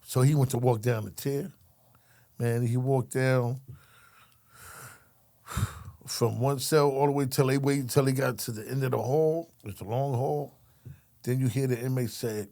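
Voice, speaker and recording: Mellow and mid-range, with fairly even intonation, an unhurried pace and frequent pauses, a middle-aged former correctional officer recounts a story conversationally. His storytelling is animated, streetwise and profane; he performs the characters and keeps using his listener's name.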